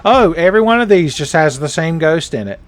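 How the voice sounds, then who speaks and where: A man giving joking, casual commentary while playing a video game, jumping up in pitch when excited. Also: fairly quick, no echo. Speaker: let's play host.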